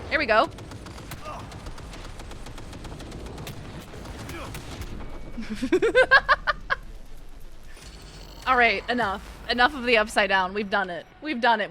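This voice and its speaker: A woman's voice: on the high side, sharp tone, a little hiss or hum. A woman game streamer chatting playfully with her chat as she plays, giggling often. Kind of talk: casual live-stream chat while playing.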